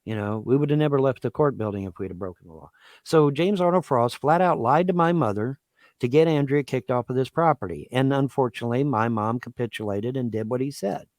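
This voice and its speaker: A man speaks in a bitter, accusatory rant, hammering the same points again and again. His voice sits at an ordinary middle pitch. The sound is dry and close, with no room around it. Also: fairly quick, darkish tone, no echo. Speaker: livestream host. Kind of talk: aggrieved ranting monologue.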